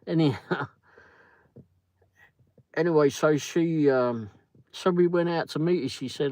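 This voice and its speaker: A man's voice: fairly high pitch, unhurried, pauses often, a little mellow, no echo, low-quality recording. A man hosting a casual livestream, rambling through a story and greeting viewers by name. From Britain. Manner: rambling, chatty, reads viewer comments aloud. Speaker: livestream host.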